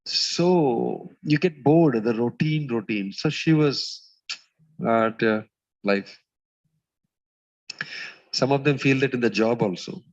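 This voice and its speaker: A man giving a spiritual talk as a swami, telling stories in a community hall and pausing with "uh" as he goes. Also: mid-range voice, lo-fi sound. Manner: storytelling, acts out quoted voices, pauses with "uh". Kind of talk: sermon.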